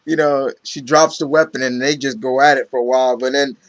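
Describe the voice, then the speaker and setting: A man talks through a comic book story in a loose, rambling way, leaning on "you know" and "uh" as he goes. His voice sits at an ordinary pitch, and the sound is dry and close, with no room around it. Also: steady tone, fairly quick, no room sound. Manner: rambling, heavy on fillers, acts out quotes. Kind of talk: casual comic book recap.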